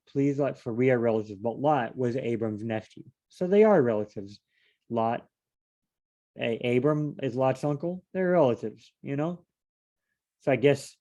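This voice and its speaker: A man's voice: medium pitch, mellow. A man leading a casual Bible study, rambling and correcting himself with chatty asides.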